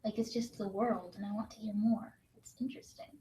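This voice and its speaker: A woman's voice: mid-range voice, fairly even intonation, mellow, slight background noise. A young woman co-hosting a virtual writing session in casual chat, reading prompts aloud and laughing often. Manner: bubbly, quick to laugh, reads prompts aloud. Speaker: write-in co-host. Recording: roomy echo.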